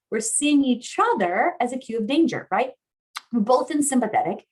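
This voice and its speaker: A woman's voice: lively intonation, moderate pace. A young adult woman giving a casual teaching talk on somatic therapy, acting out inner voices as she explains. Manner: casual, uses "like" a lot, acts out inner voices with big swings in pitch and loudness. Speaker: guest speaker on somatic therapy. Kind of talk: teaching talk with acted examples.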